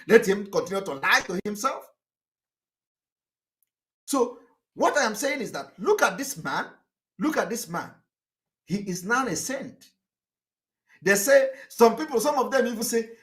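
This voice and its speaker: A man's voice: high-pitched, pushed and bright. A man giving a combative, mocking live political broadcast, laughing at his critics. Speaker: activist broadcaster.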